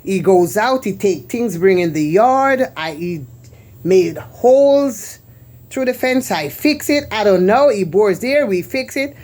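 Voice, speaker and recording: A woman's voice: mid-range voice, lively intonation, a little slow, darkish tone. Chatty churchgoing woman showing her home. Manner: chatty, faith-filled, repeats phrases for emphasis. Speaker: home vlogger. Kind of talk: casual home tour chat.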